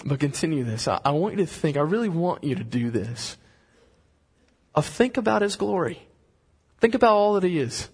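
Guy preaching, kinda husky, a bit high for a man, earnest and fired up. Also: very animated. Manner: impassioned, rising to fervent pleading when reading aloud; earnest, prayerful and slow when praying. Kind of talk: sermon.

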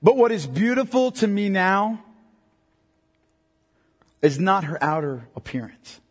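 Male pastor, middle-aged, husky and high-pitched, joking sermon delivery, long reverb. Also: very animated, unhurried, pauses often. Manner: joking asides with a congregation. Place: church hall.

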